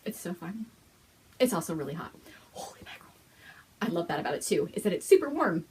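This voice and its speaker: A woman hosting a knitting podcast, showing things on camera in a gushing, excited chat, with frequent gasps and whispered exclamations. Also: fairly low pitch, brisk, slight background noise. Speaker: host of a knitting and fiber podcast. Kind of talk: excited casual show-and-tell chat.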